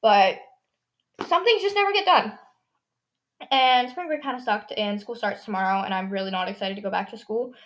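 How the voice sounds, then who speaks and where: A woman's voice: medium pitch, moderate pace. Chatty sarcastic teen girl podcaster. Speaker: podcast host. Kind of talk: casual solo podcast chat.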